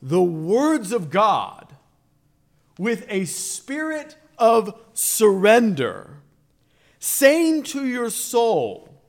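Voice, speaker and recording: A man delivers a sermon in a slow, measured cadence. His voice moves through a wide, lively pitch range, swelling with emphasis on the phrases he wants to land. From Virginia, USA. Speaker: preacher.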